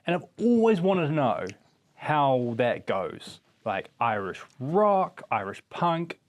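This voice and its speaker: A New Zealand man co-hosting a casual podcast chat, wry and joking. His pitch sits in the middle and moves around a lot. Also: very animated, takes it slowly. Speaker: podcast co-host.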